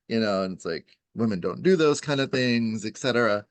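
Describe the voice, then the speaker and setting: A man's voice: mid-range voice, fast talker, few pauses, dry recording. A man who practises Ayurveda, explaining in a rambling, casual way, full of "you know" and "right?" and little acted-out quotes.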